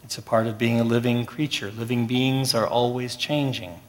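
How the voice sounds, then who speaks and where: Pastor, male, mid-pitched, measured sermon delivery in a reverberant church. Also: steady tone. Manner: measured preaching with slow emphatic pauses.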